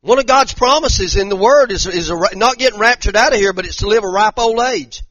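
A man's voice: high-pitched, brisk, fairly bright tone, no room sound, dull audio. A pastor preaching a fervent sermon, repeating his points and using casual slang. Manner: fervent, repetitive preaching with Southern-style slang.

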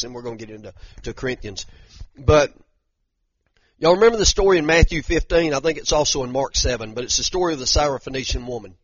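A man's voice: mid-range voice, no echo, highs cut off. A man preaching a sermon in a conversational way, often restarting and repeating words as he talks straight to the congregation. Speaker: pastor.

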